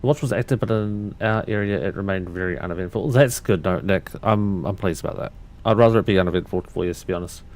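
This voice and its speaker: A man with a fairly low voice, casually narrating a flight simulator session on a livestream. He talks himself through each switch and check while answering viewers in a loose, rambling way, restarting his sentences often. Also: fast talker, darkish tone.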